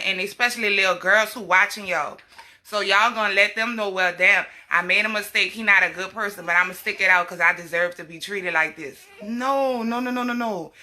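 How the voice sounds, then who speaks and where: Emphatic bright-voiced woman livestreaming. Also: mid-range voice. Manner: emphatic, preachy, scolding asides to a small child. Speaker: health advocate vlogger. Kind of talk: casual livestream talk.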